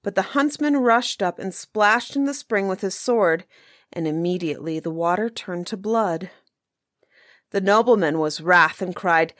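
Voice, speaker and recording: Woman storyteller, unhurried old-fashioned fairy-tale reading, close and dry sound. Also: medium pitch, a bit bright, no room sound. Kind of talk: reading a folk tale aloud.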